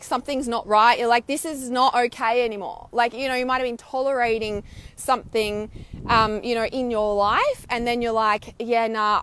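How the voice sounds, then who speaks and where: A woman with a voice pitched a touch above average gives a spiritual lesson, filming herself as she talks. Her delivery is casual and animated, with frank swearing and quick acted-out inner voices as examples. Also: smooth. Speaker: intuitive healer and spiritual mentor. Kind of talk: spiritual teaching talk to camera. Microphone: filming herself on camera.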